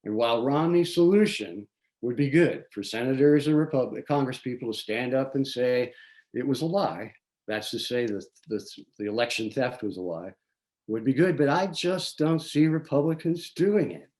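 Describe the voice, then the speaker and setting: The forum host is a man with a mid-range, slightly mellow voice. He reads prepared political commentary from his notes at a local community gathering, keeping a measured pace and making small restarts.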